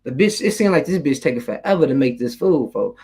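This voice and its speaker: A man's voice: mid-range voice, animated, fast talker, darkish tone, slightly rough, poor audio. A young man casually telling a street story in loose, rambling slang, swearing freely.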